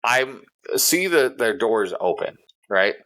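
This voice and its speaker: A man's voice: medium pitch, expressive, slow pace, a bit bright. A man co-hosting a casual podcast, telling a story in a heated, profane way. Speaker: podcast co-host.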